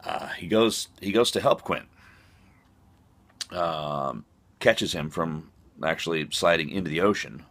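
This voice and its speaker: A man's voice: low voice, unhurried, long pauses, a bit bright. A man telling a comic, profane, rambling story full of fillers. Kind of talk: comic monologue.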